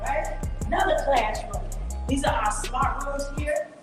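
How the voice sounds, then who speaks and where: A woman leading a live walking tour through indoor hotel hallways, talking into a phone she holds as she walks. She is energetic and hyped, and she repeats words for emphasis. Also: high-pitched, measured pace. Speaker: event organizer giving a tour. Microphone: phone held while walking. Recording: tinny phone-mic audio with faint music.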